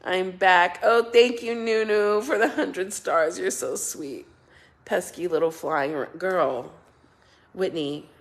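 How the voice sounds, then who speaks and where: Woman, middle-aged, livestream host, chatty, thanks viewers by name, low voice, gravelly. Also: slow pace. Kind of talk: casual livestream chat.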